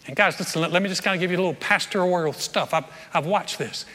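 A man's voice: sits high, quick pace, pushed and bright. A man preaching as a pastor to a congregation, earnest and emphatic, often repeating his phrases. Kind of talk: sermon. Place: church service before a congregation. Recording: long reverb of a large hall.

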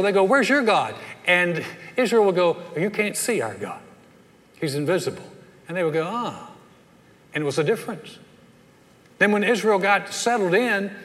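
A man's voice: on the high side, fairly bright tone, long reverb tail. A man preaching a sermon, retelling a Bible story in a folksy way and acting out the characters' lines. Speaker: pastor.

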